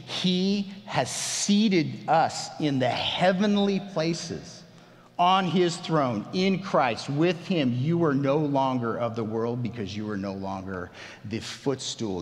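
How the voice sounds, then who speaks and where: A man preaching a sermon as pastor, emphatic and animated, often restarting his phrases. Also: mid-range voice, big-room sound.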